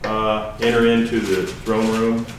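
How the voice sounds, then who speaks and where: Guest preacher, male, low voice, chatty halting sermon, heard off-mic in a roomy echoing hall with faint hiss. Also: level tone. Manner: conversational, halting, with restarts and asides. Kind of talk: informal sermon. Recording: echoey hall from a distance with faint noise.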